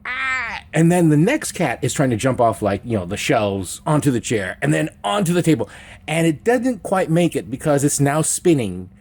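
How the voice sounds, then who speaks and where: A man telling a funny true story in a rambling, animated way, breaking into sudden high meows and sound effects. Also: normal speed. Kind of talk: comedic personal storytelling.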